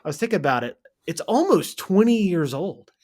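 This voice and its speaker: A man co-hosting a movie podcast in casual chat, chatty and rambling with quick asides. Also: sits high, big pitch swings, a little mellow. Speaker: podcast co-host.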